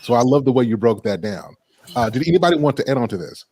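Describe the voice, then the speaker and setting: A man hosting a casual group discussion, speaking in an animated, preacherly way. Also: mid-range voice, quick pace. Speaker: host.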